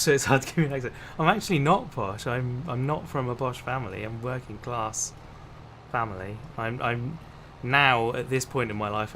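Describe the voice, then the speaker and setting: A man from Hampshire, England, with a mid-range, slightly bright voice, chats casually while livestreaming a game. He laughs often and greets his viewers, with game noise clearly audible behind him.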